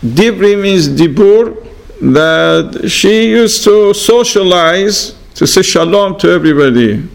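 Guy giving a torah class, slow and gravelly, keeps asking the room questions. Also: high-pitched, animated, rough recording. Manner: halting, pauses with fillers, asks rhetorical questions. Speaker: Torah teacher. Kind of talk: class lesson on scripture.

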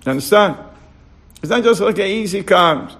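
A man's voice: high-pitched, animated, moderate pace, fairly bright tone. A man teaching a casual religious class, repeating words and firing rhetorical questions at his listeners. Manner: checks on listeners with short asides. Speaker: Torah teacher.

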